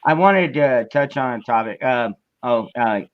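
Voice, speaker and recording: A man's voice: medium pitch, lively intonation, unhurried, dry recording. Hesitant man on a lo-fi mic. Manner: hesitant, repeats words. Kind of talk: casual chat. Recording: dull lo-fi sound.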